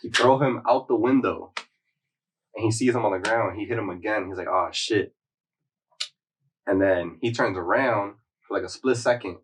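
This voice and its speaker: Low-voiced man rambling through a story. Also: moderate pace, long pauses, breathy edge, far from the mic. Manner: rambling slang-heavy retelling, packed with "like". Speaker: podcast host. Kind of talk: casual storytelling chat.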